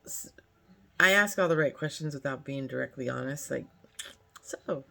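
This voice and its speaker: A Californian woman in her fifties, a vlogger, tells a casual story time in a very deep, fairly quick voice with vocal fry and a sharp tone. She's chatty and rambling, packing in lots of fillers.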